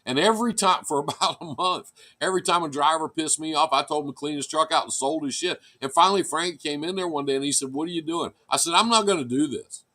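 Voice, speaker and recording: A man's voice: a little high, fast talker, few pauses, sharp tone. A man telling blunt, profane stories about running a trucking business in casual chat. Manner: blunt, profane, acts out quotes in a raised voice. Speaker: trucking business owner, show regular.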